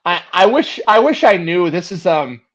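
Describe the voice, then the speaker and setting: Man guest, slightly high, halting, lots of ums, lo-fi call audio. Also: very animated, fairly bright tone, slight background noise. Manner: halting, restarts, many "um" and "like". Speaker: guest showing his toy diorama. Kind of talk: casual chat on a call.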